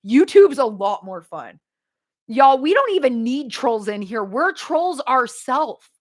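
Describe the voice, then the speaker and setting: A woman, hosting a casual livestream and joking with her viewers in an animated way. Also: high voice, slow pace. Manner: animated, joking, addresses chat as y'all. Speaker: livestream host.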